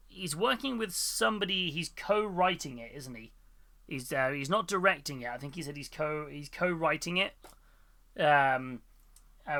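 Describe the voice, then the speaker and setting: A man's voice: sits high, bright, forceful tone. A man hosting a casual hobby live stream, chatting loosely with many fillers and frequent laughs.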